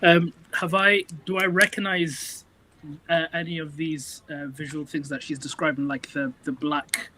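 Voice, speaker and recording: Rpg player guy, kinda high voice, asks hesitant questions, faint background hum. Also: flat delivery, unhurried, sharp tone, poor audio. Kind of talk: casual role-play chat.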